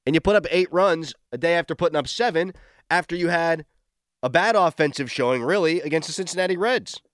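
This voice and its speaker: Excitable sports radio host, man. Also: fairly high pitch, a little fast, no echo, clean studio sound. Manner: excitable, shouts in disbelief. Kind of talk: morning sports talk radio.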